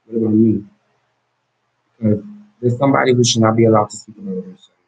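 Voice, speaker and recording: A man with a fairly low, slightly rough voice talks rapid-fire straight into the camera. His emotional monologue is intense, pleading and confrontational, with words frequently repeated and restarted, and the lo-fi recording is dull.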